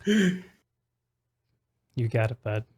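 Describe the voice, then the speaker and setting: A man hosts a live game stream and calls the match. His voice sits at an ordinary middle pitch and is recorded close and dry. He talks to his audience in a chatty, upbeat way. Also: sing-song, extremely slow, darkish tone, slightly rough, dry recording. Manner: chatty and upbeat, addresses viewers as y'all. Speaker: stream host and game commentator. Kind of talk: live esports commentary.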